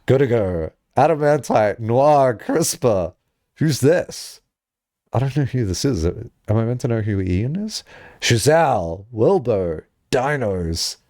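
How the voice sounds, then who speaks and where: A man chatting casually on a live stream, rambling and laughing often, jumping up high when excited, on a headset mic. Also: takes it slowly, no echo, clean studio sound.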